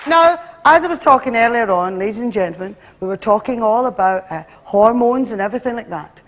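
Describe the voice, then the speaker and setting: A Scottish woman performing live stand-up comedy, animated and acting out voices as she tells her routine. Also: fairly high pitch, a little fast. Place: stage before a live audience. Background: audience laughter.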